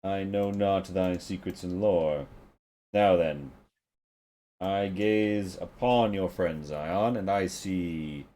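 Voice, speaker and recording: A man voicing a solemn male priest who claims to see all, speaking slowly in grave, archaic phrases. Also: low voice, dark tone.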